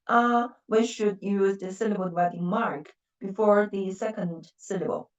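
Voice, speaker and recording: A woman's voice: medium pitch, a little slow, roomy sound, recorded from a distance, muffled recording. A woman with a Chinese accent and Mandarin as her first language, teaching a language lesson patiently and repeating words with stressed syllables.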